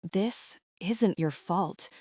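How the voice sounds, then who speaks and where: A woman's voice: fairly low pitch, drawn-out words, darkish tone, no room sound, studio quality. A woman voicing a grieving young man who speaks in a choked, tearful voice. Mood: sobbing.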